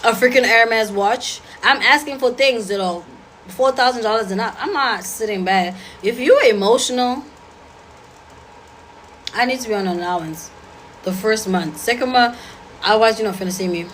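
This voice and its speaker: A woman's voice: a little high, a bit bright, slight background noise, poor audio. A woman giving blunt, sassy dating advice in casual talk to an audience. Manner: blunt, sassy, rapid-fire.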